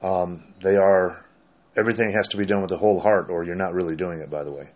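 A man's voice: sits low, fast talker, dull audio. An older man, a pastor with grandchildren, chatting casually about prayer and telling stories, quoting scripture as he goes. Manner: relaxed, storytelling, quotes scripture. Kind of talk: casual conversation about faith.

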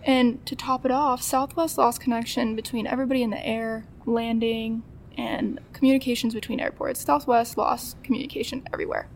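There's a little hiss or hum as a woman in her twenties speaks fairly quickly in a gravelly, fairly high voice with a steady tone. She's a talkative podcast guest telling a casual story, frequently acting out quoted speech and laughing.

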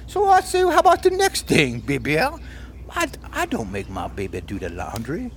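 On a podcast, a male co-host with a mid-range voice and huge pitch swings does a comedic impression of an older soul singer who sweet-talks everyone and calls them baby. The mood is smooth and teasing as he croons a drawn-out "baby" at the end of lines, with a little hiss or hum in the audio.

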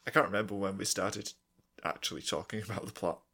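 A man with a lowish, slightly husky voice trades dry jokes on a casual podcast. He sounds relaxed and conversational as he chats and wraps up the show. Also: fast. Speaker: podcast co-host. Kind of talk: casual chat.

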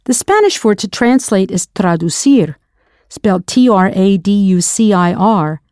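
A woman's voice: medium pitch, expressive, unhurried, darkish tone, dry recording, clean studio sound. A woman teaching a recorded language lesson, spelling words out letter by letter and asking the listener to answer. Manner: spells words letter by letter, then prompts the learner.

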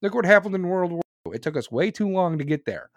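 A man's voice: high-pitched, expressive, fast, no room sound, clean studio sound. A male podcast host ranting about politics in a blunt, profane, heated way. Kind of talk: opinionated political rant.

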